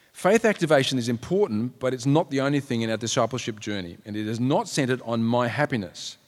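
A man of medium pitch preaches earnestly, his voice trailing into a long hall reverb. He leans into the story, raising his voice for the people in it. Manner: earnest, acts out quotes in raised voices. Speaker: pastor. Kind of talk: sermon.

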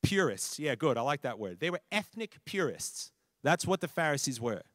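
A man preaching a conversational sermon, animated, repeating words for emphasis and checking in with listeners. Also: fairly high pitch, moderate pace, no room sound, clean studio sound.

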